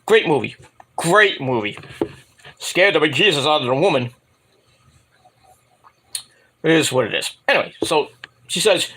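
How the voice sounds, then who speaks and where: Animated bright-voiced man reviewing wrestling. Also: moderate pace, breathy edge. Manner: rambling, acts out wrestlers' lines in high mocking voices. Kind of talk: casual solo review monologue.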